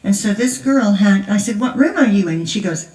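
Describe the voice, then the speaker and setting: A woman's voice: medium pitch, animated, fairly quick, a little mellow. An older woman, a grandmother, speaking at a conference in a chatty, laughing storytelling manner. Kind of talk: storytelling testimony. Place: large church hall. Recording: echoey hall, voice from far off.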